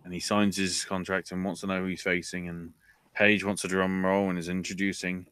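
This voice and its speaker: A man's voice: low voice, little pitch movement, fairly quick, a bit bright, clear, resonant tone, dry recording. A man hosting a podcast, recapping wrestling in a casual way with offhand, wry asides. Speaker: podcast host.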